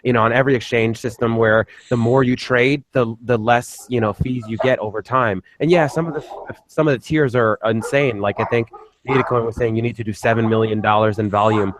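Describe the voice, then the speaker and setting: Animated man swearing in casual chat. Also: medium pitch, a little fast, a little hiss or hum. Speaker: guest.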